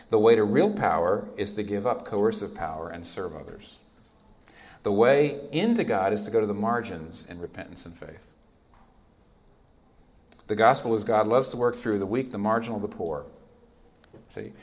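Earnest low-voiced male preacher. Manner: earnest, emphatic, drops to quiet for key lines. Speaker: pastor. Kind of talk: sermon.

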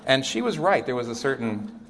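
A man preaching a sermon as pastor, earnest and emphatic, often dropping to a quiet, firm voice for his key points. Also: medium pitch, very animated, a little fast, noisy background.

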